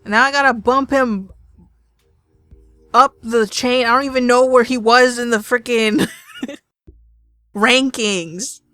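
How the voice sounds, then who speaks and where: A woman's voice: on the high side, steady tone, slow, long pauses, sharp tone, dry recording. Woman let's player, casual, playful, laughs often, faint game music under. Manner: chatty, laughing, swearing, playful. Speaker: let's play host. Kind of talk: casual game commentary and narration.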